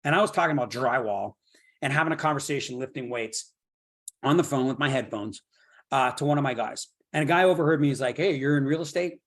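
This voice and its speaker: At a real estate workshop, a middle-aged man with a mid-range voice speaks at a quick pace, motivating his audience with energy. He piles up long repeated phrases to drive points home, often tossing in "right?"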